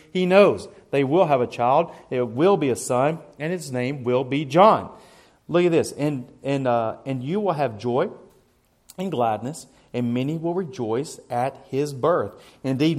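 A man's voice: mid-range voice, darkish tone. A man preaching a sermon, earnest and emphatic, often repeating words as he starts a thought. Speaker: pastor.

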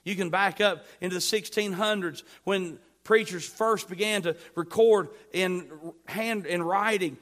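Speaking a little slowly in a high voice with few pauses, a man gives an emphatic sermon as pastor. He swings between loud passages and quiet asides and puts questions to his listeners.

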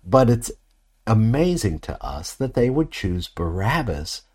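A man delivers an expository sermon, working through the text in a measured, reflective manner. His voice sits low and carries a husky edge. He often pauses to pose rhetorical questions to his listeners. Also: very animated, darkish tone. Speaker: preacher.

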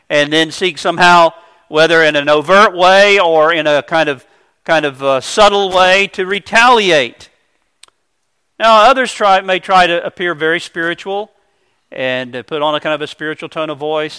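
Guy preaching from the pulpit, high crisp voice, earnest, explains things with everyday examples. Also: sharp tone. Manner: earnest, explanatory, uses homely illustrations. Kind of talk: sermon. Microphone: microphone.

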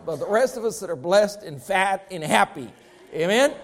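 High-voiced man preaching a sermon. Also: animated, normal speed, a little hiss or hum. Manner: emphatic, rising and falling preaching cadence. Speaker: pastor.

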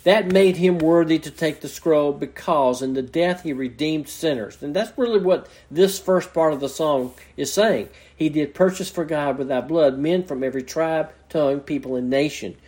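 A man's voice: on the high side, moderate pace, few pauses, darkish tone. A man preaching an expository sermon, earnestly explaining scripture verse by verse in a teacherly way. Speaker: pastor.

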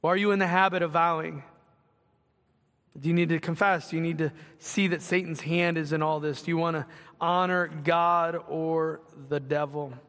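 A man's voice: on the high side, fairly even intonation, moderate pace, a bit bright. A young man preaching a sermon in a church, in a conversational style with asides and acted-out quotes. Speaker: pastor. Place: church sanctuary. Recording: long reverb of a hall.

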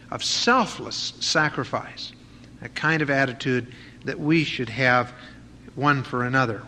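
A man's voice: mid-range voice, sharp tone. A man preaching an expository sermon in a conversational way, with frequent fillers and restarts. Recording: faint noise and long reverb of a hall.

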